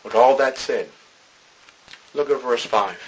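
A man's voice: medium pitch, slow, husky, rough recording. A male pastor preaching a sermon, reading scripture and acting out its dialogue dramatically.

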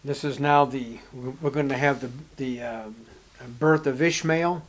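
A man preaches an expository Bible sermon at a slightly slow pace, his intonation mostly even. Still, he's emphatic, pushing to forceful highs on key words as he reads King James–style scripture and asks rhetorical questions.

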